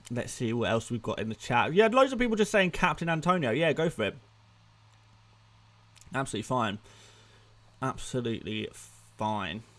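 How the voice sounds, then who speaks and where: Easygoing guy live streaming, middle pitch, talks it through out loud. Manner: relaxed, thinking aloud with small restarts. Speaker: fantasy football streamer. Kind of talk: casual live-stream chat.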